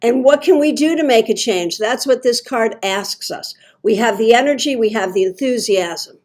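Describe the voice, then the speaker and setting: A woman's voice: a little high, moderate pace. A middle-aged woman hosting a friendly livestream tarot reading at home, chatty and enthusiastic as she talks to her viewers. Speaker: tarot reader, show host.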